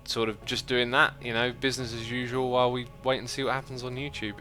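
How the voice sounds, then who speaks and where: Bright-voiced man chatting on a livestream. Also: medium pitch, flat delivery, quick pace, faint music behind. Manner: thinks aloud with many fillers and restarts. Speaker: livestreamer reading chat. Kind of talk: casual livestream chat while gaming.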